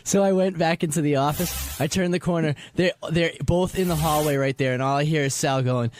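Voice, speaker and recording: A man on the staff hurries through an update on what he just saw, stumbling over his words and starting sentences twice. His voice sits a touch above the usual pitch. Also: fairly even intonation, fairly quick, a little mellow, a little hiss or hum. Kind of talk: casual report in studio.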